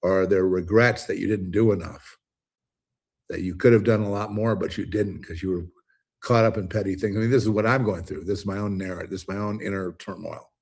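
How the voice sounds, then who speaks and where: A little fast and fairly even in intonation, a man's low-pitched voice sounds husky and a little mellow. He hosts his own commentary show, ranting by himself emphatically and rambling with many restarts.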